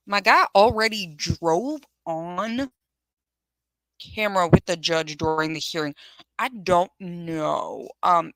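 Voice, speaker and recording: A woman's voice: fairly low pitch, a bit bright, no room sound, low-quality recording. A woman hosting a live firearms channel, giving casual commentary in a blunt, sarcastic way, swearing freely and answering viewers' comments. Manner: chatty, reads viewer comments aloud.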